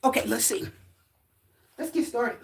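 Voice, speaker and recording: High-voiced woman tarot live-streamer. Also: lively intonation, unhurried, gravelly, slightly rough. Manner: greets viewers by name, sing-song and drawn out. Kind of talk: casual live-stream chat.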